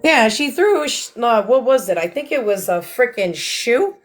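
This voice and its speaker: Woman, fairly high voice, blunt, swears constantly, animated storyteller, casual livestream chat. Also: moderate pace, faint music behind. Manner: blunt and heavily profane, animated retelling. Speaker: livestream host.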